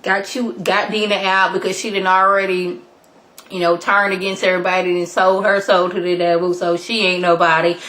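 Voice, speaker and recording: A woman's voice: lowish voice, little pitch movement, normal speed, a bit bright. A woman recapping a TV episode in a casual vlog, chatty and full of slang and playful asides. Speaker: TV show reviewer.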